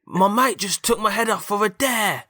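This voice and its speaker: A man's voice: sits high, normal speed, sharp tone, voice pushed up. A man voicing a cheeky, laddish male robot in a spoken story.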